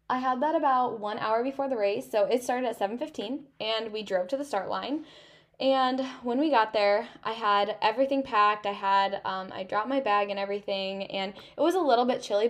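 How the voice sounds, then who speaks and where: A young woman hosting her own podcast, telling a story in a chatty, casual way full of "like" and "um". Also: fairly high pitch. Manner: chatty, filler-heavy storytelling with lots of "like". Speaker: podcast host.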